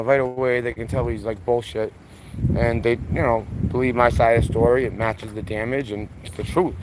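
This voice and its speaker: A young man rants outdoors, swearing freely and circling back as his voice climbs with anger. His voice sits at an ordinary male pitch. Clear traffic and street noise runs behind him. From Massachusetts, USA. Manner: heated, profane, rambling, voice rising when worked up. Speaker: vlogger. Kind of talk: angry storytelling rant. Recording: noisy outdoor street recording.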